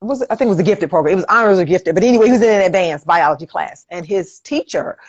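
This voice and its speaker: A woman's voice: fairly low pitch, expressive, rapid-fire, a little mellow, no room sound, muffled recording. A woman co-hosting a casual chat, earnest and affirming as she tells stories. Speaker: co-host.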